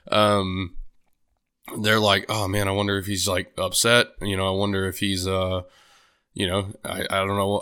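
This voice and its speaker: A man's voice: fairly low pitch, sharp tone, clear, resonant tone. A young man talking alone on his podcast, rambling casually with many fillers and restarts. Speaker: podcast host. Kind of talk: solo podcast monologue.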